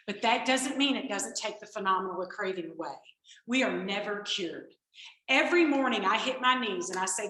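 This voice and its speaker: A woman's voice: mid-range voice, moderate pace. A woman gives a personal recovery testimony to a group, telling stories and acting out the conversations she quotes. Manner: animated storytelling, acts out quoted exchanges. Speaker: recovery speaker. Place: meeting room. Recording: echoey room.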